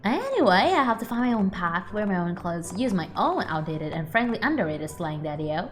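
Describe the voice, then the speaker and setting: A woman's voice: medium pitch, very animated, normal speed, soft background music, lightly acted. A woman reading the lines of a laid-back young man who talks in old-fashioned hip slang in a game. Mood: easygoing.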